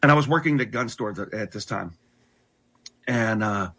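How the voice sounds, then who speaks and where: A middle-aged man earnestly telling his life story in conversation, halting and restarting often. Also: lowish voice, fairly bright tone, husky. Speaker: guest telling his testimony.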